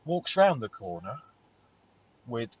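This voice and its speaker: Animated sweary man. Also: mid-range voice, slow, slightly rough, dull audio. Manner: animated storytelling, heavy swearing. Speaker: podcast co-host. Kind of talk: casual chat.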